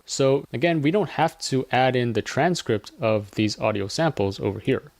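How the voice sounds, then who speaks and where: A man hosting a casual software tutorial, explaining each step as he clicks through it. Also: medium pitch, gravelly, dry recording. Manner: chatty, explains steps as he clicks. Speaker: tutorial host.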